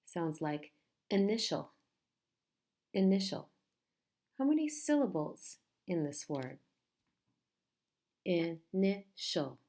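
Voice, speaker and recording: A woman teaching a pronunciation lesson, speaking slowly and patiently and repeating each word carefully. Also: lowish voice, sing-song, mellow.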